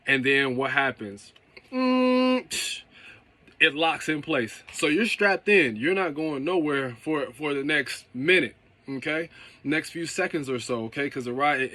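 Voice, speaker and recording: A man's voice: mid-range voice, pushed and bright. A man who runs a car detailing business, giving a casual motivational talk and often checking in with "okay?" and "right?".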